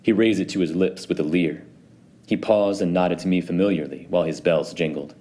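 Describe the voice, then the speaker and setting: Deep, dark-toned male storyteller. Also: fairly quick. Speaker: narrator. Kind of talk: dramatic audiobook reading.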